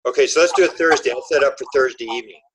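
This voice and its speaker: A man's voice: mid-range voice, very fast, a bit bright, breathy edge, poor audio. Man hosting with short, encouraging replies. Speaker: host. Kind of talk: casual interview.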